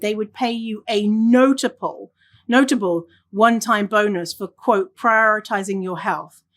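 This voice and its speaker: A woman's voice: medium pitch, a bit bright. A woman hosting a solo podcast, talking casually and reading listener stories aloud. She swears freely and laughs often. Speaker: podcast host.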